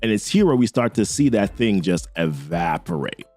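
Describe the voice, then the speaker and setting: A man's voice: fairly low pitch, fairly quick, soft background music. A man casually recapping a comic book story in a slangy, conversational way. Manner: slangy, conversational, lively delivery.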